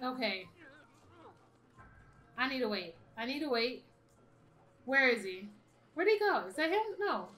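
A woman's voice: sits high, expressive, unhurried, long pauses, fairly bright tone. A woman doing let's-play commentary, who swears and laughs as she talks to the game. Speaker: gaming YouTuber.

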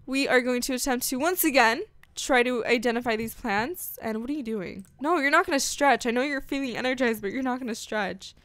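Gushy chatty girl doing let's-play commentary, kinda high voice, dry close sound. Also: fairly quick, hardly any pauses, fairly bright tone, dry recording. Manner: bubbly, gushing, chatty with lots of "like" and "freaking". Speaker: gaming channel host.

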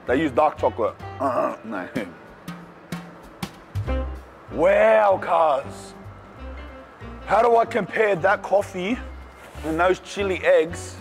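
An Australian man reviewing food in a casual vlog, talking in an excitable, slangy way. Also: fairly high pitch. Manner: slangy and excitable, calls the viewer "cuz". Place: cafes and city streets.

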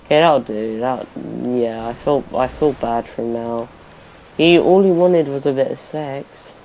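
A man's voice: medium pitch, a little slow, darkish tone, slight background noise. Chatty young man narrating gameplay. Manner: chatty, rambling, self-correcting. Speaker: gaming YouTuber. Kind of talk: let's play commentary.

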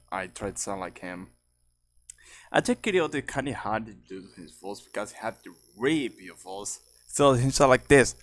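Guy chatting on his vlog, slow and halting, pitch jumps all over. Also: lively intonation, a bit bright. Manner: halting, with many restarts and broken phrasing. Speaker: channel host. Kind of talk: casual vlog chat about his characters.

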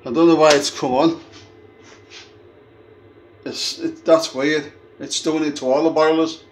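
A man chatting casually on a vlog, rambling and restarting as he tells a story while filming his own flat. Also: fairly high pitch, a little slow, a little hiss or hum. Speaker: vlogger.

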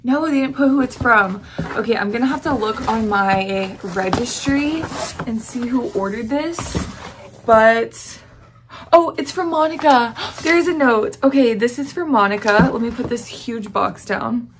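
A young Southern woman talks slowly through an unboxing vlog, gasping and gushing over each gift. Her voice sits a little high, and a faint hiss runs beneath it. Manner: gushing, gasping, breathless excitement. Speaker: vlogger.

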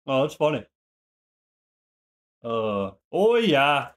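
Playing a game on stream, a young man from Minnesota, USA, a former Marine with a slight Minnesotan accent, banters loosely, rambling and swearing. His medium-pitched voice is very animated, and he draws out his words.

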